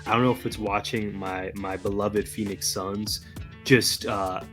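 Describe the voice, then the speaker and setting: A man with a fairly low voice co-hosts a podcast, talking in an upbeat, energetic way and laughing easily. He is recovering from a cold. Faint music plays quietly under him. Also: unhurried. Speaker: podcast co-host. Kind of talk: casual chat.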